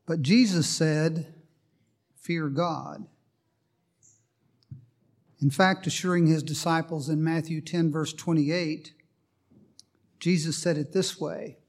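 A man's voice: a little high, steady tone, unhurried, darkish tone. A man preaching a sermon, telling a story with a joke before reading from the Bible. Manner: storytelling with a joking aside, then Bible reading.

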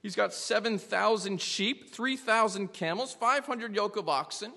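Male pastor, sermon, emphatic, rhetorical questions, very high bright voice, long church reverb. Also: a little slow, vocal fry. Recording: long reverb of a large hall.

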